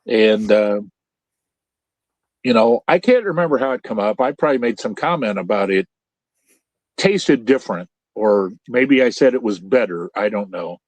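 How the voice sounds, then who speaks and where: A man's voice: fairly low pitch, lively intonation, normal speed, a little mellow, no room sound. An older man from central Illinois hosting a podcast over a video call, telling rambling folksy stories full of restarts. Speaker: podcast host. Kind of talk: casual chat. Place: home trailer. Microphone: Starlink video call.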